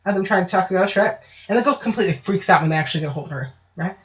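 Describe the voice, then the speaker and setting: A woman's voice: lowish voice, racing. A woman hosting a casual podcast, ranting and telling stories with plenty of swearing. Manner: profane, ranting, animated storytelling. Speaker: podcast host. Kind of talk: casual chat. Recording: dull lo-fi podcast audio.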